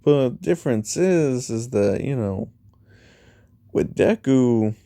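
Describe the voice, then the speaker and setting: A man spins a fan-made story in an unhurried, rambling way, repeating each character's lines in his own voice. His tone is deep-set and mellow, close to the mic in a dead, dry room. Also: expressive, creaky, no room sound. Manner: rambling, retells dialogue with 'he's like' and 'you know'. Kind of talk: casual fan-fiction storytelling.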